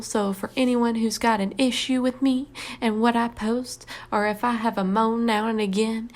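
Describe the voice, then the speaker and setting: A woman's voice: fairly high pitch, close to an everyday voice. A woman voicing a self-pitying woman with a put-on Southern accent and a whiny woe-is-me delivery. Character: self-pitying woman ranting about her hard life.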